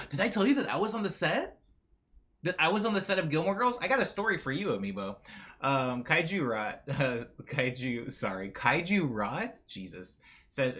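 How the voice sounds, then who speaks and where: Animated, chatty male streamer. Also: medium pitch. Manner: chatty and animated, with frequent self-corrections. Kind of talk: casual chat reading viewer messages.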